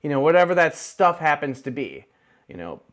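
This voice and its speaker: A man casually walking viewers through a software tutorial on screen, chatty and upbeat with playful asides, speaking into a close desk microphone. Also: a little high, big pitch swings, moderate pace. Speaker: tech tutorial host.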